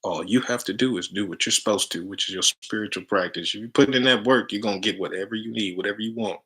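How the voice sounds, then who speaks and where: A man's voice: fairly low pitch, quick pace, bright, forceful tone, husky. A man giving a casual, preachy spiritual talk to viewers, full of slang and frequent laughter. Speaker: spiritual chant leader.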